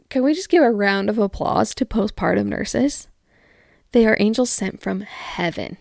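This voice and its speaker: A young woman in her twenties talks candidly in a casual chat, peppering her speech with "like" and quick asides. Her mid-pitched voice carries a gravelly fry. She is recorded on a close mic in a dry space. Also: no room sound. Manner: chatty, frequent "like" fillers, candid. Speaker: podcast host. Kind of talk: casual chat reading listener stories.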